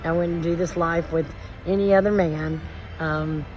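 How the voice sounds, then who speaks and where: A woman talking slowly in a halting, filler-filled way, grieving as she speaks to her vlog audience. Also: low voice, fairly even intonation, a little mellow, rough recording. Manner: slow, halting, with many fillers. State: emotional, grieving. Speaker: homestead vlogger. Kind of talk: personal vlog to camera. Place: outdoors.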